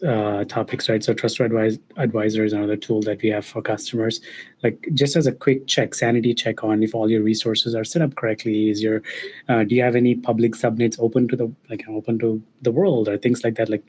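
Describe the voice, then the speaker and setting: This is a man on a podcast panel with a lowish voice. He talks loosely, with plenty of "like". A faint noise sits underneath. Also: a little mellow. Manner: casual, loose phrasing with "like". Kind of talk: casual podcast discussion.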